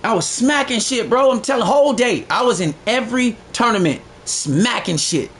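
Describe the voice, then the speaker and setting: A man livestreaming a game, chatting casually in a boastful, profane, slangy way that gets loud when excited. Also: extremely high pitch, moderate pace, a little hiss or hum. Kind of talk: casual live-stream chat.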